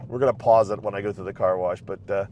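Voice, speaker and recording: A man's voice: lowish voice, fairly even intonation, fast talker, lo-fi sound. A man casually recapping a TV show from inside his car, rambling with lots of fillers and restarts. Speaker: recap vlogger.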